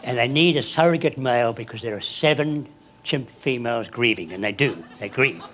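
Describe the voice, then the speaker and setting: An older man, telling a story to an audience in an animated, hammy way that climbs up to shouting. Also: medium pitch, normal speed, a faint crowd, slight background noise.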